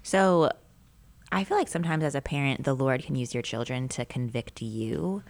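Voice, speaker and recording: Low-voiced animated woman storyteller. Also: moderate pace. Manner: animated storyteller, acts out quotes, frequent "like". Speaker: podcast co-host and mother. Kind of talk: casual chat.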